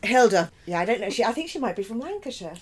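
A woman's voice: mid-range voice, big pitch swings, fast talker, darkish tone, slightly rough. A woman stage actor chatting in an interview, laughing often and poking fun at herself. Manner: chatty, laughing, self-deprecating. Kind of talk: casual interview.

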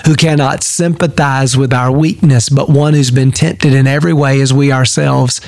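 A man's voice: medium pitch, fairly even intonation, moderate pace, vocal fry, darkish tone, dry recording. A man who is a pastor giving a daily devotional Bible teaching, speaking in an earnest, emphatic way.

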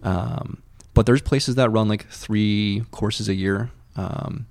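A low, gravelly man talks loosely and casually as a paramedic educator, full of fillers and little acted-out asides. His voice is close and dry, with no room around it. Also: fairly even intonation, slow, a little mellow, dry recording. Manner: loose, chatty, many fillers, acts out his past reactions. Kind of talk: casual conversation.

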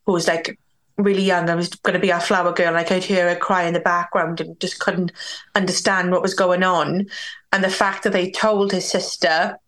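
A woman's voice: fairly low pitch, fairly bright tone. A young woman from Wales, a podcast guest candidly telling a personal story. She uses many "like"s and acts out what others said. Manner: candid, talks with many "like"s and acts out quoted dialogue.

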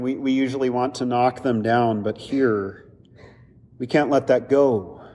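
A man preaching a sermon as a pastor, earnest and conversational, often checking in with his listeners with quick asides. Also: mid-range voice, darkish tone, in a large hall.

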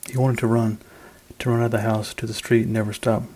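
A man, an author, reading his short story aloud in a measured, even manner. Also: fairly low pitch, low-quality recording.

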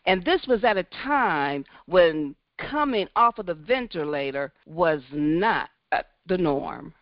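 A woman hosting a church prayer line in a fervent, drawn-out preaching manner. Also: on the low side, lively intonation, dry recording, highs cut off.

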